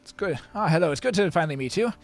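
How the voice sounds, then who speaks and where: A man voicing a refined, wealthy gentleman in spectacles who talks fast and politely. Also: on the high side, expressive, vocal fry, voice pushed up. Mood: delighted.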